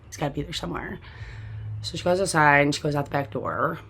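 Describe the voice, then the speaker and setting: A woman host tells a personal story from memory, rambling casually, saying "like" constantly, restarting often and swearing now and then. Her voice is low-pitched, husky and a little bright, and she talks fast.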